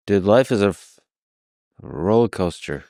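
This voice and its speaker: A man hosting a podcast interview, talking in a calm, unhurried and earnest way. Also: on the low side, gravelly, dry recording, studio quality. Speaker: podcast host. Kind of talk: casual interview conversation.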